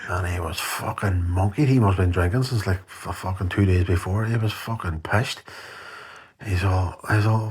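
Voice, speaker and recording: A man's voice: sits low, normal speed, a little mellow, slightly rough. A man telling a rambling story in a voice note, swearing constantly. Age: 40s. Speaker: voice note sender.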